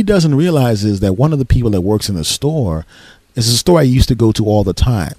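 A man hosting a podcast, telling a story in an animated, exasperated rant. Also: mid-range voice, a little fast, dry recording. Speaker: podcast host. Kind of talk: casual comic storytelling.

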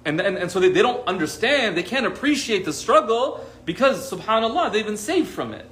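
A man's voice: sits high, sing-song, brisk, few pauses, fairly bright tone, slight background noise. A man teaching a casual study class, talking conversationally and often checking in with his listeners with rhetorical questions, dropping in Arabic religious expressions. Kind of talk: casual lesson to a group. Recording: echoey room.

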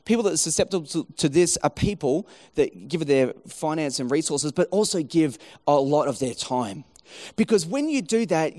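A middle-aged man preaching a sermon, telling a story with lively acted-out quotes. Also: high voice. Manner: animated storytelling, acting out quoted voices. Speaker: pastor.

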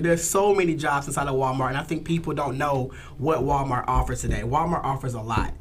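A man's voice: medium pitch, fairly quick, hardly any pauses, slight background noise. A man, a guest recruiter talking in an upbeat, eager, persuasive way in a casual studio chat.

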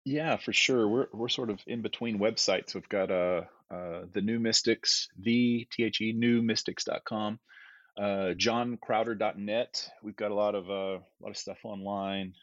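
A low-voiced man talks in a loose, rambling way, full of fillers and restarts, as a guest on a podcast. The audio is dry and a little dull, with the slightly lo-fi sound of a remote call. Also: fairly even intonation, measured pace, fairly bright tone, no room sound. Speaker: guest theologian. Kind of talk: casual podcast conversation.

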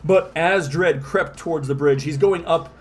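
A man's voice: fairly high pitch, normal speed, slightly rough. A man co-hosting a casual comic-book podcast, describing panels in a rambling, filler-heavy way. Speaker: podcast co-host. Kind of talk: casual comic-book read-along chat.

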